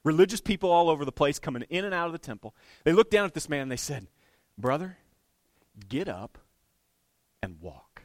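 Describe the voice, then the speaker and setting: A man preaching a sermon as a conversational, animated retelling, with restarts and light chuckles. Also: fairly high pitch, rapid-fire, no echo. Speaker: pastor. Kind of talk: storytelling sermon.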